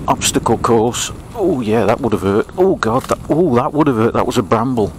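A man's voice: medium pitch, animated, normal speed, a little hiss or hum, low-quality recording. An English man chatting as he rides along an old railway path, grumbling and joking at himself. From England. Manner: chatty, grumbling, self-mocking. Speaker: vlogger. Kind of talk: casual running commentary while riding.

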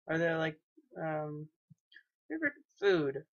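Recorded through a dull, lo-fi home microphone, a young male gaming YouTuber, perhaps a teenager, talks through a let's play in a high, fairly bright voice. He goes slowly and leaves long pauses, rambling hesitantly with plenty of ums and restarts.

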